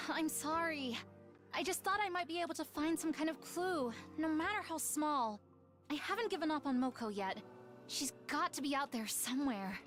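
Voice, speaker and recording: A woman's voice: sits high, normal speed, soft background music, pitched above the performer's own voice. A woman voicing a cheery, earnest teenage schoolgirl while reading game dialogue aloud. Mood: apologetic. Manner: bright, apologetic and eager.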